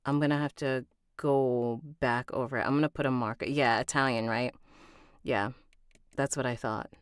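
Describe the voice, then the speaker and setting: A woman with a bass voice narrates an audiobook during a livestream, speaking at normal speed with fairly even intonation and a smooth quality. The recording is dry and clean, studio-grade. She breaks off for chatty asides to her viewers and corrects herself along the way.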